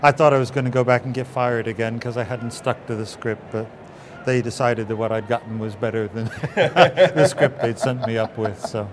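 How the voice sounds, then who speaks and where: A man from England recalls stories in an interview, slipping into other people's voices as he tells them. A steady hum of traffic noise sits under his voice. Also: medium pitch, normal speed. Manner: animated storyteller acting out quotes. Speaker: puppeteer guest. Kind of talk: interview anecdotes.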